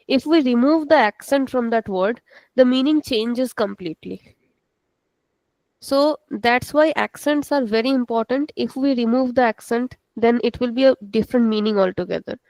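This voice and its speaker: A woman's voice: on the high side, darkish tone, dry recording, poor audio. Patient woman teaching an online class. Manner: slow, patient, repeats words for students. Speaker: Portuguese language teacher. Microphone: video call.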